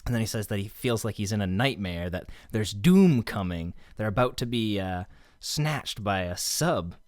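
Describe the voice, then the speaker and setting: A man's voice: fairly low pitch, expressive, moderate pace, dry recording, clean studio sound. A male podcast host recapping an episode in casual chat, swearing, laughing often and acting out the characters' lines.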